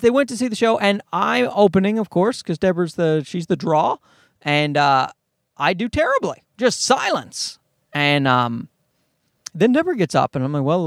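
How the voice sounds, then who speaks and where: A man's voice: sits high, dry recording, clean studio sound. A man in his thirties from Newfoundland, a stand-up comedian telling a rambling, profane story in a casual monologue. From Newfoundland, Canada. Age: 30s. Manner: rambling, easily sidetracked; profane and blunt.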